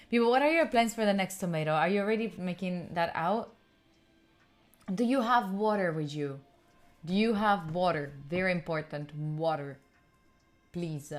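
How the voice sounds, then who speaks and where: A woman's voice: on the low side, lively intonation, unhurried. Young woman, from Italy, study stream host, casual chat, giggly, answers chat aloud. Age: young adult. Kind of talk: casual chat with live viewers. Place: room at home.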